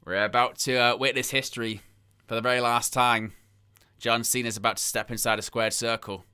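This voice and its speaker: A man hosts a live stream in a bright, forceful voice with a crisp, smooth tone. He talks with passion and hammers his points home by repeating them. He stops now and then to answer comments from his viewers. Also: mid-range voice, fairly even intonation, a little fast. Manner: passionate and emphatic, repeats phrases for effect. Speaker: host of a live wrestling watch-along stream. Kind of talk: casual live-stream chat.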